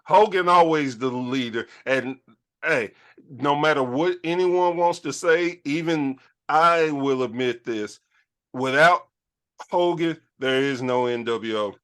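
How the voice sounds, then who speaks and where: A man co-hosting a casual wrestling talk show who talks slowly and dramatically. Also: mid-range voice, a bit bright, clean tone. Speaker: co-host.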